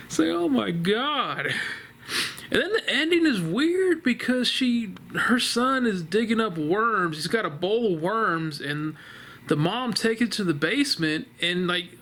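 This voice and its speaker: High-pitched and sharp, this vlogger's voice comes from his living room couch as he reviews a horror film. He's casual and rambling, laughing as he goes and speaking bluntly and profanely.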